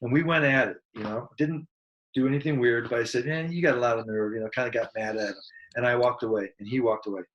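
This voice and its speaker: This man talks at a middle pitch, as a guest musician telling a story in a casual interview. He is earnest and reflective. He grows animated when he acts out what people said. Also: fast, lo-fi sound.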